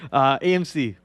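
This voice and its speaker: A man hosting a live stock trading show, talking in an excitable, rambling way with many restarts. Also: fairly high pitch, clear, resonant tone, no room sound.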